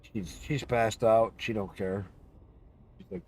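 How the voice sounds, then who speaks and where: A man's voice: fairly low pitch, animated, takes it slowly, darkish tone, husky. A man streaming live, chatting casually and telling long rambling stories about his pets, swearing freely and slipping into little meows. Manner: rambling, swears freely, breaks into cat and dog impressions. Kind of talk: casual chat.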